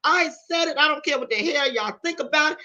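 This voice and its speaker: A woman's voice: high-pitched, a little fast, sharp tone, highs cut off. A woman from Virginia hosting a gossip commentary live stream, blunt and sassy, cursing freely and calling her viewers "y'all" and "honey.". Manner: swears freely, dramatic retelling. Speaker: YouTube commentary host.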